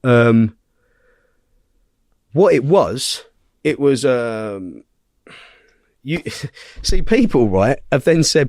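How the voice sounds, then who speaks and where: A man's voice: medium pitch, very slow, pauses often, no room sound, clean studio sound. Blunt, swearing man telling a story. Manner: blunt, heavy swearing, animated retelling; checks in with the listener with tag questions. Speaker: podcast guest. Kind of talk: casual storytelling in conversation.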